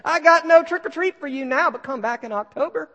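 A man voicing a gentle older preacher who answers hatred with calm kindness and gentle teasing. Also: very high voice, fairly quick, voice pushed up, exaggerated voice. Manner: warm, teasing, unshakably calm. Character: gentle elderly male Black preacher, unflappably kind. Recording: long hall reverb.

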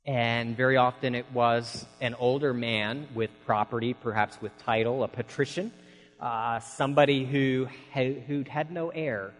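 A man's voice: medium pitch, steady tone, unhurried, big-room sound, poor audio. A man preaching a sermon, telling folksy stories in an earnest way.

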